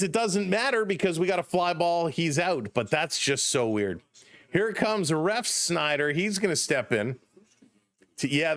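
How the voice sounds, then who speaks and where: A Canadian man hosting a live baseball stream, calling each pitch in a casual way and breaking off to greet viewers in the chat. His voice sits a bit high for a man. The room sounds dry and close. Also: fairly bright tone, no echo. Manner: chatty, reads viewer chat and laughs often. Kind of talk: casual play-by-play commentary.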